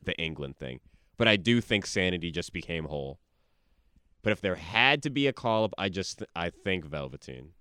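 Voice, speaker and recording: Deep, animated man in casual chat. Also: normal speed, clean tone, no echo, clean studio sound. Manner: animated, jumps in with questions and opinions.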